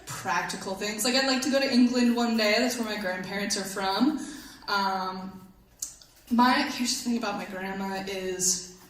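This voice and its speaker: A young woman in her twenties doing a stand-up comedy set on a club stage into a handheld mic, chatty and self-deprecating with a deadpan edge. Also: mid-range voice. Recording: echoey club room, faint hum.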